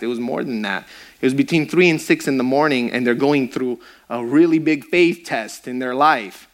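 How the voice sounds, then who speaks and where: A man's voice: mid-range voice, a little fast. A man preaching a sermon in an earnest, emphatic way, repeating lines for effect. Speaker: pastor; grief counselor.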